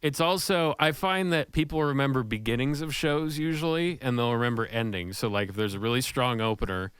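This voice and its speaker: Male co-host, musician; smooth, resonant voice, dry close mic, rambling, thoughtful. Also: mid-range voice, expressive, fairly quick, a bit bright, dry recording. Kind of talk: casual podcast chat.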